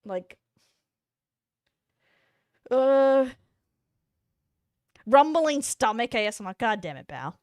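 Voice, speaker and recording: A woman's voice: a little high, big pitch swings, slow, pauses often, no room sound. A young Australian woman streaming, chatting casually while reacting to videos, blunt and profane, breaking into laughter often. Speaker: VTuber streamer.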